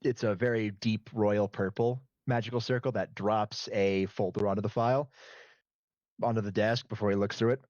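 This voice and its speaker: A man's voice: fairly low pitch, fairly even intonation, normal speed, darkish tone, dry recording, muffled recording. A man narrating as game master in a loose, casual way.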